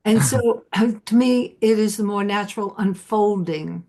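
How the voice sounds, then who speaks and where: A middle-aged woman hosting an interview, speaking conversationally with affirming asides and pauses. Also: mid-range voice, warm tone. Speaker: podcast host.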